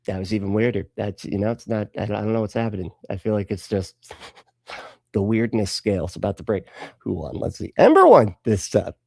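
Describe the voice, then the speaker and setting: Sarcastic, lively man streaming live. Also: fairly low pitch, fairly quick, gravelly, dry recording. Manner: sarcastic and profane, talks back at clips. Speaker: host of a live reaction stream. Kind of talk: casual live-stream commentary.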